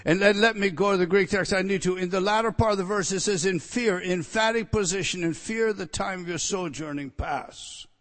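A man preaching a sermon, addressing his listeners directly with rhetorical questions and swinging from loud emphatic declarations to hushed, intense near-whispers. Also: high voice, brisk, hardly any pauses, long reverb tail. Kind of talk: expository sermon.

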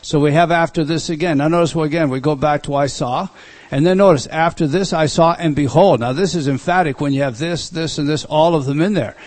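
A middle-aged man teaching a Bible study, speaking slowly and deliberately and repeating words for emphasis. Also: fairly high pitch, darkish tone.

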